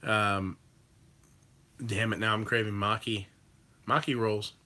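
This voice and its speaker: A man hosts a live stream in a loose, rambling way, with plenty of ums and the odd curse. His voice is bright and forceful. He reacts freely to what his viewers type. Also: lowish voice, flat delivery, slow pace. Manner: rambling, loose, with swearing and many fillers. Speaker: livestream host reading chat. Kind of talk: casual chat.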